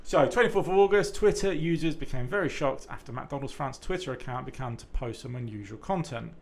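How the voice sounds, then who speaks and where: A man's voice: mid-range voice, expressive, fairly quick, vocal fry, slight background noise. A man with a sweary, rambling storytelling manner, chatting casually on a podcast.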